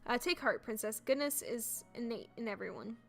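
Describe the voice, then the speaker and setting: Woman doing a kind fairy, soft and reassuring, high bright pitch, faint music. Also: moderate pace, gravelly. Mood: gentle. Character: gentle, kind female fairy.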